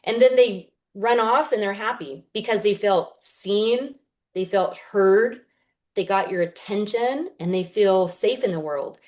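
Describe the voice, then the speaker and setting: A woman's voice: mid-range voice, measured pace, a little mellow. A woman in her thirties, a guest healer on a podcast, explaining earnestly and acting out the inner voices she describes. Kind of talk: casual podcast interview.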